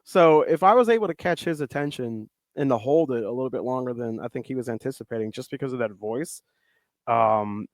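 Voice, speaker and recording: A man's voice: medium pitch, brisk, no room sound. Middle-aged man, rambling, dry close sound. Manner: rambling storytelling with many fillers and restarts. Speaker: guest wrestler. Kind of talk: casual podcast conversation.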